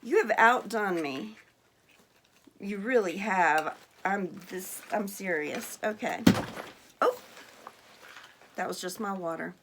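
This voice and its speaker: A woman vlogger chatting casually while unboxing gifts, gushing and excitable, exclaiming and laughing often. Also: medium pitch, takes it slowly, pauses often, noisy background. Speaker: vlogger opening mail.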